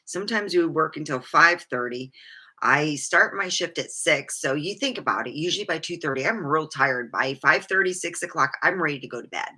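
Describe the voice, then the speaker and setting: Bright-voiced woman telling her story frankly. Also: low-pitched, lively intonation, moderate pace, slightly rough. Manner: candid, rambling, swears freely. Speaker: vlogger. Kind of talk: personal storytelling monologue.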